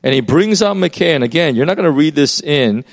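A man's voice: fairly high pitch, animated, brisk. A man preaching a sermon in a loose, conversational way, explaining as he goes with many fillers and restarts.

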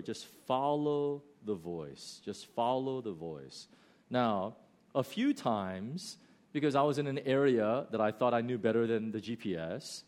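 An American man preaches a sermon at a mid-range pitch, his voice leaping up and down as he tells a story. He rushes through asides, then slows right down and drops quiet to land his points. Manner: animated storytelling, shifts between loud bursts and slow, quiet emphasis. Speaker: pastor.

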